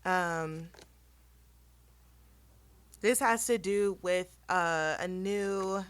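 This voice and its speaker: A woman hosting a casual tarot reading, chatty and rambling with many ums, her voice slightly hoarse. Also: lowish voice, extremely slow, no room sound. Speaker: tarot reader and channel host.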